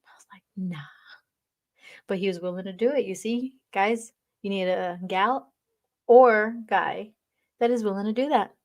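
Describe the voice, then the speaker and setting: Brief: woman livestream host, chatty and teasing, average pitch, casual delivery. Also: normal speed. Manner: chatty, teasing, reads comments aloud. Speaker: livestream reader. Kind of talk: casual livestream chat with viewers.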